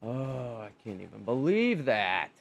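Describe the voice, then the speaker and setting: A man's voice: mid-range voice, big pitch swings, unhurried, vocal fry. Exasperated young man ranting over gameplay. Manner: exasperated, swearing, incredulous. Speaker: gaming channel host. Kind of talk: gameplay commentary.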